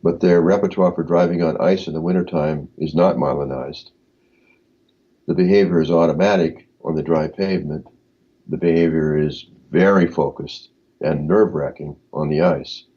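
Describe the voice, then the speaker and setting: A man giving measured, explanatory answers as an interview guest, with frequent fillers. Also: extremely low pitch, steady tone, mellow, highs cut off.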